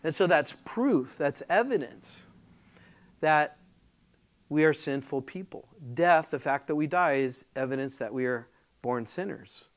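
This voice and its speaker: A man preaching in a slow, deliberate way, his voice sitting a little higher than most men's. He talks through the passage conversationally, with fillers, then lifts into louder, emphatic reading of the verses. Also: animated. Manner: slow and deliberate, rising loudly when reading scripture aloud. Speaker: pastor. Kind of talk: sermon, verse-by-verse Bible teaching.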